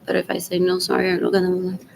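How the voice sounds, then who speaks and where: A woman rambling through a solo livestream, mixing English and Spanish, drifting between loud talk and near-whispers and repeating questions to herself. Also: lowish voice, monotone, rapid-fire, creaky, a little hiss or hum, low-quality recording. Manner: mixes English and Spanish mid-sentence.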